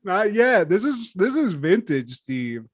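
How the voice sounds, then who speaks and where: A man's voice: sits high, very animated, slow pace, husky, dry recording. A man co-hosting a podcast in casual chat, joking and swearing, often laughing. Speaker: podcast co-host.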